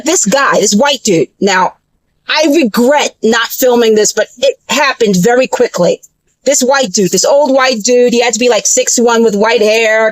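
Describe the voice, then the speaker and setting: A woman's voice: fairly high pitch, no echo, poor audio. A woman telling a story in a casual, profane rant full of fillers and restarts. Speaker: vlogger.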